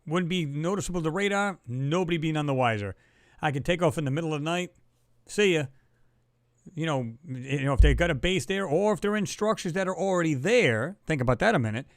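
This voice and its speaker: Man, livestream host, excitable, slightly high voice, dry close sound. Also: quick pace, no room sound. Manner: excitable, talks to chat viewers, reads their comments aloud. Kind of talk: casual livestream commentary on photos.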